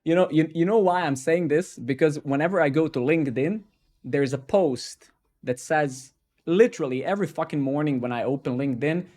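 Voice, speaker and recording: A man's voice: fairly high pitch, darkish tone. A man hosting a live coding stream, talking casually in a rambling, sarcastic and profane way with lots of self-mockery.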